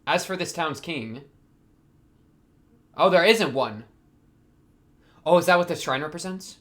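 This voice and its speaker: A slightly high-voiced man reacts to anime as he watches, in casual commentary. He talks straight to the screen, muttering his guesses one moment and bursting out in excited exclamations the next. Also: unhurried. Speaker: reaction video host.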